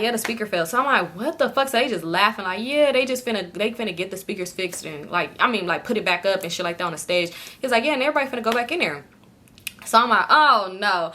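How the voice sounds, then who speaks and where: A young woman telling a club story in a casual storytime vlog, animated and profane, talking to viewers as y'all. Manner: animated, swings into high-pitched quoted voices.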